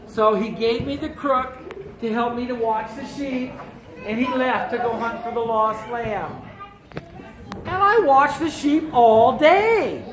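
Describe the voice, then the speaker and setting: A woman telling a story live in the first person and in character, animated and playful, voicing the other people in her tale. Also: on the high side. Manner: animated, playful, with voiced-out dialogue. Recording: echoey room with a live audience.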